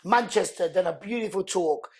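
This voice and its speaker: A man, a podcast guest telling personal stories in an animated way and acting out what other people said. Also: sits high, normal speed, slightly rough. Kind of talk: emotional storytelling in conversation.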